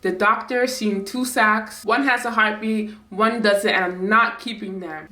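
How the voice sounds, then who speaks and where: A woman's voice: medium pitch, steady tone, a little slow, few pauses, bright, forceful tone, roomy sound. A woman, telling a personal story in a storytime vlog and acting out her own past words with growing emotion. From Canada. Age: 20s. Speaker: vlogger.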